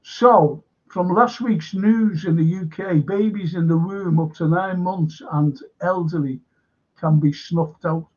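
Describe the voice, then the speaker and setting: Slow-talking man, lo-fi stream. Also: high-pitched, darkish tone. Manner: rambling and anecdotal, swears freely. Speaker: livestream show host. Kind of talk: rambling casual storytelling. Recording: dull lo-fi stream audio.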